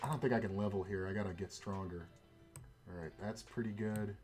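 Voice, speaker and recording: Rambling low-voiced male streamer. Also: fairly even intonation, fairly quick, a little mellow, soft background music. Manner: profane, rambling storyteller with side comments. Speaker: poker and game streamer. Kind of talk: casual storytelling while gaming.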